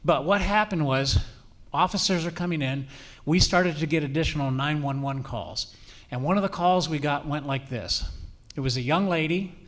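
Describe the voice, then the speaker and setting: Man, middle-aged, police trainer, slightly high-pitched, direct, earnest lecture delivery. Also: normal speed, fairly bright tone. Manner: earnest, direct, often checks in with "all right?". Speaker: campus police officer and trainer.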